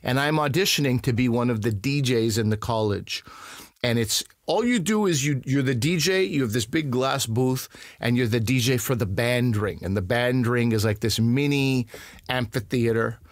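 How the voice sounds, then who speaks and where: Lively, self-mocking storytelling man. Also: medium pitch, normal speed, no echo, clean studio sound. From Canada. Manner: animated, self-mocking, acts out other voices. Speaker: comedian guest. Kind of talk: casual storytelling interview.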